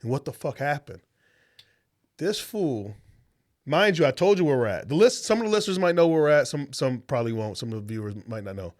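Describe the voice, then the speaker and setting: A man's voice: on the high side, very animated, quick pace, darkish tone. A young adult man, a podcast co-host, telling a story in casual chat, swearing freely and acting out the voices of people he quotes.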